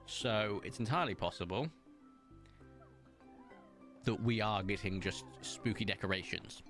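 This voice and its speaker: A man's voice: fairly low pitch, measured pace, a bit bright, faint music behind. A British man streaming a game, chatting casually with viewers, reading chat aloud and laughing often. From Britain. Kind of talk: casual live-stream chat while gaming.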